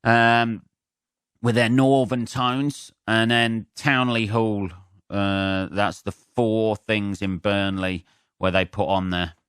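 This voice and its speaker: A man talks alone into the mic with a blocked nose, his lowish voice crisp and bright. He rambles and swears in a sarcastic way, laughing at his own jokes, with almost no room sound around him. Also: no echo, studio quality. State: stuffy nose from a cold. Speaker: comedian and podcast host. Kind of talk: solo podcast monologue.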